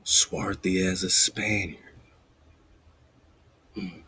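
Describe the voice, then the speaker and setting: A man hosting a radio show, thinking aloud as he looks up words, muttering and whispering asides to himself and reading quoted lines slowly. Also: low voice, fairly even intonation, pushed and bright, a little hiss or hum. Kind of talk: casual research talk, looking up words live.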